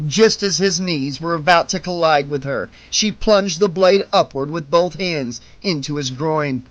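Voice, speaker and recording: A male audiobook narrator reads a horror novel with steady, suspenseful pacing. He slows down for the tense beats. His voice sits a little high for a man. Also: dry recording, lo-fi sound.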